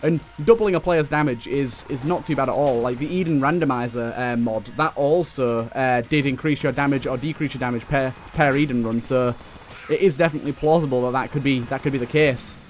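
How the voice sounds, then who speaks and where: A young man giving excitable running commentary while playing a video game, talking back to enemies on screen. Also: medium pitch, a little fast. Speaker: let's play host. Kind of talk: gameplay commentary. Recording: faint game music behind.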